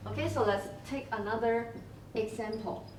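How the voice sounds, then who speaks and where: A woman teaching an English class, explaining slowly and checking in with frequent okays. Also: on the high side, a little hiss or hum. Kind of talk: classroom lesson recording. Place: school classroom. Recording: roomy classroom, from a distance.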